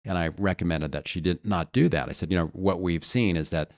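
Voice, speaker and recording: Low-voiced man explaining coaching. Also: fairly quick, darkish tone, dry recording, studio quality. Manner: earnest, explains with stories and analogies. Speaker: guest leadership coach. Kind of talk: podcast conversation.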